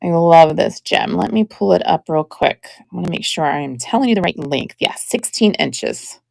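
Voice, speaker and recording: A middle-aged woman selling vintage jewelry on a live stream, chatting in an admiring, unhurried way. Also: on the low side, lively intonation, creaky, a little mellow, dry recording, studio quality. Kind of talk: live-stream sales chat.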